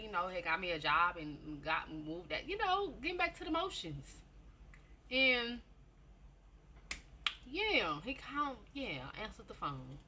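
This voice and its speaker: A woman tells her personal testimony in a loose, chatty way, circling back over the same phrases and talking right to her listeners. Her voice is bright and forceful, with a pitch in the middle range for a woman. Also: slight background noise. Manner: chatty storytelling, repeats phrases, addresses listeners directly. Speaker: testimony speaker.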